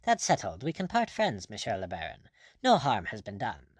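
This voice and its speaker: A man's voice: lowish voice, huge pitch swings, moderate pace, slightly rough, dry recording, exaggerated voice. A man reading the part of a cool, insolent buccaneer captain with an ironic manner.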